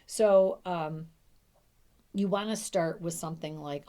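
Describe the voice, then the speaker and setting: A woman's voice: low voice, steady tone, normal speed, dark tone. A middle-aged woman coaching dementia caregivers in a casual, emphatic teaching talk, often acting out little quoted lines.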